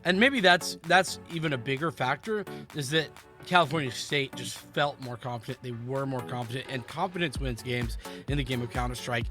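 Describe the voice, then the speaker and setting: A man commentating a live esports match, calling the action excitedly and giving analysis. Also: medium pitch, faint music behind. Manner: quick, excitable call of the action. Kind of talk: live play-by-play and colour commentary.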